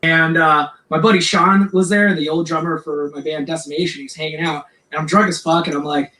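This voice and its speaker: A metal singer tells a story on a podcast, swearing constantly. He talks in a high, bright voice. It rings out in an echoey room. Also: fairly quick, hardly any pauses. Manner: profane, rambling, animated. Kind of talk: casual storytelling chat.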